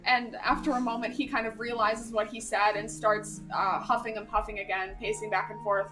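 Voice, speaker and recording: A woman narrating as game master of a tabletop game, unhurried with many fillers. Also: on the high side, level tone, bright, forceful tone, recorded from a distance, soft background music.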